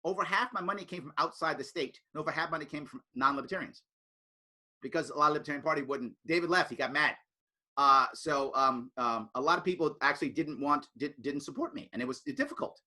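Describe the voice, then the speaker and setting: A man from the United States talks casually to a student group, his voice bright and forward and his pitch swinging widely. He is animated, jumping into other people's voices when he tells a story, with a slightly higher pitch than most men. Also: fast. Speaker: political speaker.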